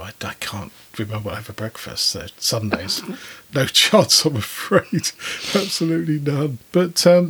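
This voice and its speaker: A man's voice: mid-range voice, fairly bright tone, husky. A man co-hosting a podcast, telling listener stories in a chatty way with frequent chuckles. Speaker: podcast co-host. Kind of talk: casual podcast chat.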